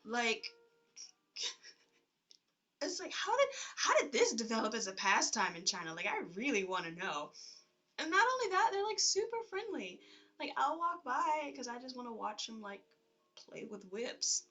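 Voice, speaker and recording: A woman's voice: on the high side, a little slow, muffled recording. Woman rambling thru a chatty vlog, laughs a bunch, voice jumps all over, kinda far from the mic. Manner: animated and rambling, laughs often, many fillers. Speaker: vlogger. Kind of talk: casual storytelling vlog.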